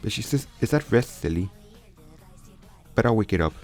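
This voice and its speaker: A man's voice: fairly low pitch, lively intonation, normal speed, a little mellow. A man casually improvising a story aloud, often stumbling and restarting his sentences. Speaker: storyteller retelling a fan crossover story. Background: faint background music.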